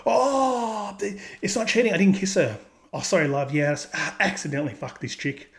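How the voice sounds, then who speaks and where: A man's voice: high voice, normal speed, voice pushed up. A man voicing a defensive cheating boyfriend, using a crude, mocking, whiny tone. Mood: mock-innocent. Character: defensive cheating boyfriend making lame excuses.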